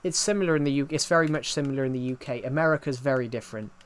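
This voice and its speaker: A man's voice: medium pitch, rapid-fire. Rambling man streaming from home. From England. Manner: rambling, many restarts and fillers, answering chat. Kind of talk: casual live-stream chat.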